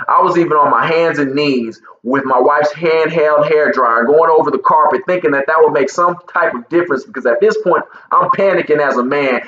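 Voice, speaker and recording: A man's voice: fairly high pitch, pushed and bright, roomy sound, muffled recording. A man in his thirties from Texas, telling a personal story as a motivational speaker and speaking directly to listeners. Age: 30s.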